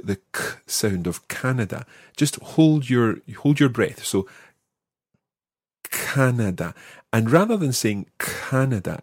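A man hosting an audio language lesson, patiently explaining and slowing down to model each word. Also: on the low side, a little mellow, breathy edge, no echo. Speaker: language teacher, podcast host.

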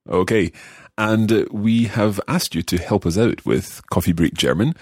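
A man hosting a podcast language lesson, guiding it in a friendly, measured way as he learns along. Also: lowish voice, darkish tone, slightly rough, dry recording, studio quality. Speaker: language course host and learner.

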